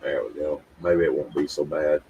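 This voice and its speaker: A man's voice: extremely low pitch, fairly even intonation, normal speed, phone-quality sound, very noisy. A man hosting a casual livestream, rambling and talking straight to his viewers, often repeating words. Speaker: livestream host.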